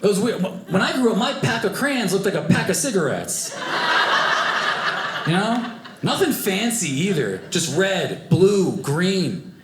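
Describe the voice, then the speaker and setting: A young man doing a stand-up comedy set, animated and acting out the people in his stories. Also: sits high, measured pace. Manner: animated, acts out voices of family and strangers. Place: comedy club stage with live audience. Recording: echoey club room, noisy audience.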